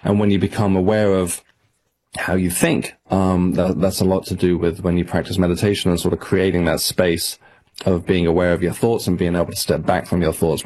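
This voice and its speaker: An English man, a guest author, talking in a casual radio interview, self-deprecating and halting with frequent restarts. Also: sits low, darkish tone. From England.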